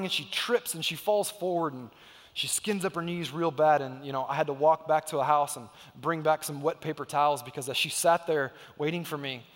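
High-voiced preacher in a reverberant church. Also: male voice. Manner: emphatic storytelling, acts out quotes. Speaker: pastor. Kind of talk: sermon. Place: church sanctuary.

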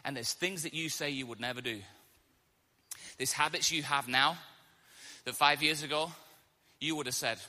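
A man's voice: on the high side, moderate pace, pauses often, long reverb tail. A man preaching a sermon, telling stories animatedly and acting out the quotes. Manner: animated storytelling with acted-out quotes.

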